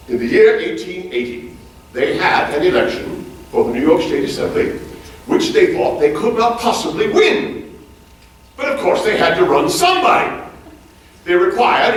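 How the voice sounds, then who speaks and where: A male actor performs a live one-man show as a hearty, bookish former president, animatedly quizzing the audience with lively questions in formal, old-fashioned language. His voice is slightly high and close to everyday speech. He's on a large auditorium stage, recorded from a distance in a very echoey hall.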